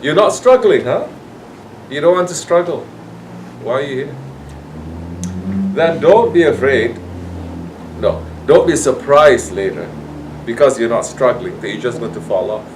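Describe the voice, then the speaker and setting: A man's voice: medium pitch, animated, a little slow, pauses often, far from the mic, slight background noise, rough recording. A man giving a sermon to his congregation, scolding and acting out people's excuses. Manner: admonishing, acts out quoted excuses. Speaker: sufi sheikh.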